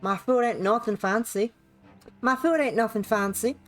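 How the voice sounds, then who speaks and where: A friendly young village girl from a visual novel, alone for a long time, invites a traveler in as a streamer puts her on. Her put-on southern drawl keeps drifting toward Scottish. The voice sits at a middling pitch. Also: unhurried, faint music behind, lightly acted. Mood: welcoming.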